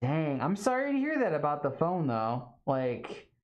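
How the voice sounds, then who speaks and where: A woman's voice: deep voice, sing-song, moderate pace, highs cut off. A young woman streaming live, chatting casually with her viewers and reading their comments, full of "like" and "um" fillers.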